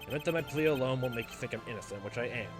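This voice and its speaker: A man voicing a sarcastic, calm accused detective. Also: medium pitch, racing, close to an everyday voice. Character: sarcastic, unflappable male police detective defendant. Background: background music.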